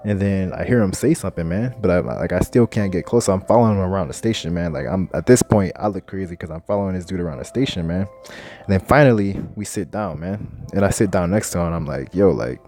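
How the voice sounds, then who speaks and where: A man's voice: low voice, animated, fast talker, creaky, a little mellow, faint music behind. A man casually telling a spiritual testimony in loose, slangy talk, ending nearly every phrase with "man.". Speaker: scripture teacher.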